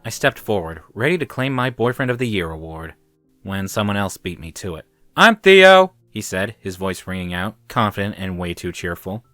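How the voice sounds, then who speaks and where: Man, scripted first-person narration, wry, dramatic, bright tone. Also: deep voice, a little fast, no room sound, faint music behind.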